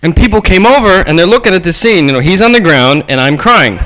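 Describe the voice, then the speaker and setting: Male preacher, lively storyteller, high voice with wide swings. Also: fast, noisy background. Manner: animated, acts out voices in his stories. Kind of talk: storytelling sermon.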